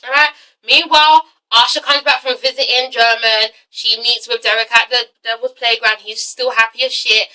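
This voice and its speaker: High, bright, sassy woman vlogger. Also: steady tone, moderate pace, poor audio. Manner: chatty, sassy, profane. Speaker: TV show reviewer. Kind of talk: casual recap vlog.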